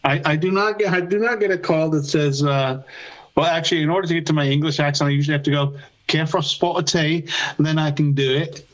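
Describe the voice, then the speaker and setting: A man's voice: fairly high pitch, fairly even intonation, fast. Man talking over a lo-fi phone line. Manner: profane, joking, laughs often. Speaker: podcast co-host. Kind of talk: casual chat.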